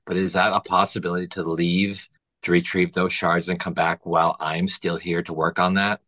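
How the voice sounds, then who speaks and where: A man's voice: deep voice, little pitch movement, normal speed, bright, forceful tone, no echo. A man playing a tabletop game who talks hesitantly with small restarts. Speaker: player.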